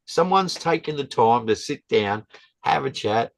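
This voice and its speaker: A man, a guest telling a story in a halting, casual way with many restarts. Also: mid-range voice, lively intonation, rough recording.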